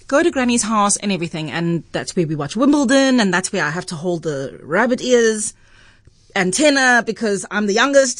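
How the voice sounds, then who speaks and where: A South African woman radio host telling a story in an animated way, acting out the voices in it and laughing often. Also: medium pitch, no room sound.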